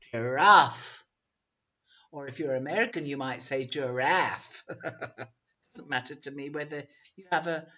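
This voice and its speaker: A woman's voice: deep voice, fairly bright tone, lo-fi sound. A woman teaching English pronunciation in an online webinar, drawing out example words and laughing often.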